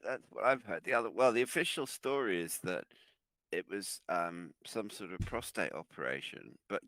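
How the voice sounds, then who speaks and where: A man's voice: low voice, animated, moderate pace, fairly bright tone, dry recording, rough recording. A man co-hosting a comedy podcast in casual chat, hesitating and repeating words before landing dry jokes. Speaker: podcast co-host.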